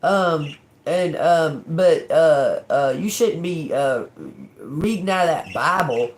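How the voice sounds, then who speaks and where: A woman's voice: low voice, slow, a little mellow, slight background noise, pitched below the performer's own voice. A woman mimicking a dismissive woman commenter who talks in a hesitant way, full of fillers.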